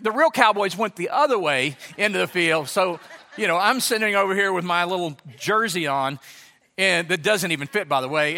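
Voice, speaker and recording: Man preaching, animated storyteller, bright ringing tone, long hall reverb. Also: sits high, vocal fry. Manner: animated, acts out voices in anecdotes. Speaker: pastor. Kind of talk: sermon with storytelling.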